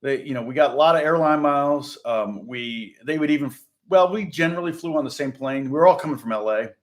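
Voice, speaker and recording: A man's voice: a little high, brisk. Rambling, chuckling middle-aged man. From Indiana, USA. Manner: rambling, chuckles often, many fillers and restarts. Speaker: guitar teacher. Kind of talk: casual live-stream lesson chat.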